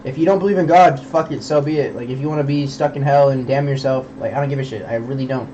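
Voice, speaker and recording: Szybko mówiący młody mężczyzna, przeklina i moralizuje. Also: male voice, medium pitch, fairly even intonation, fast, warm tone, highs cut off, slight background noise. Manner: rambling, profane, preachy. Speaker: streamer. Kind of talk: casual chat.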